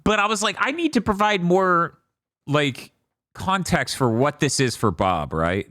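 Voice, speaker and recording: Animated joking male podcast co-host. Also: on the high side, a little slow, no room sound, clean studio sound. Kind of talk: casual chat.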